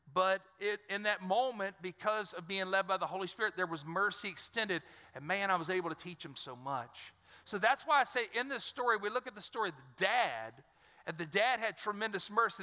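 A man's voice: high-pitched, sharp tone. A middle-aged male pastor, preaching a sermon and acting out the voices in his stories. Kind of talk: sermon with personal storytelling. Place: large church hall. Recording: reverberant church sanctuary.

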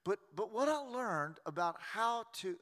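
A man, preaching a sermon as a pastor in a folksy, joking way with quick restarts. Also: high-pitched, animated, fairly bright tone. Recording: long reverb of a large hall.

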